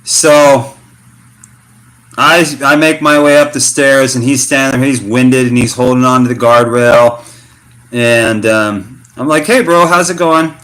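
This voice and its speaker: A man's voice: medium pitch, measured pace. A middle-aged man from the United States, telling a story in a loose, slangy way for his vlog. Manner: slangy, animated storytelling with fillers. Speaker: vlogger. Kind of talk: casual rambling vlog talk.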